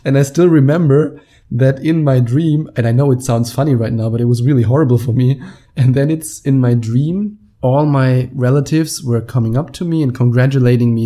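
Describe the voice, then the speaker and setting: A man's voice: medium pitch, fairly even intonation, fairly quick, dark tone. A man in his late twenties with a German accent, telling a story in a casual monologue and laughing often as he acts out the quotes. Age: 20s. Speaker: podcast host.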